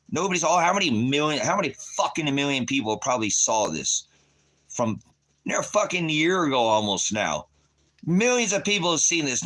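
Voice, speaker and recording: Furious ranting middle-aged man. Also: mid-range voice. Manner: furious, swearing, bursts into shouting; mocks others in quoted voices. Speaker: vlogger. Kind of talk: angry profane rant.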